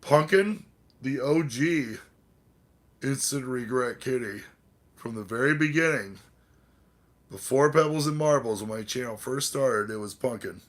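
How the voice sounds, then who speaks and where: Slow, rambling, tipsy streamer guy. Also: medium pitch. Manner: rambling, profane, talks to chat and his cats. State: tipsy from drinking. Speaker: livestream host. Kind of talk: casual live-stream chat.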